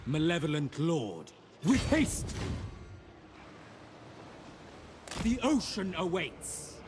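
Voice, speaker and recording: An actor voicing grim, bloodthirsty male dark elf warriors in a game, giving clipped battle shouts. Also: fairly high pitch, wildly swooping pitch, slow pace, background noise, full character voice. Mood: menacing. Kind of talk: game unit voice barks. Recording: game audio over loud battle music.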